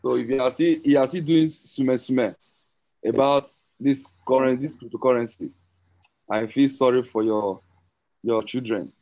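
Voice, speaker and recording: A man giving an excited, rambling sales pitch on an online call, repeating and correcting himself as he goes. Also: unhurried, poor audio. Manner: rambling, repetitive, self-correcting, teasing. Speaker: crypto promoter hosting a group call.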